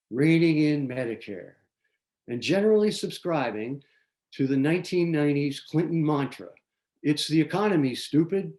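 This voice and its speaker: A man hosting a local community forum, giving prepared political commentary in a measured way, reading from notes with small restarts. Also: fairly high pitch, a little mellow. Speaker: forum host.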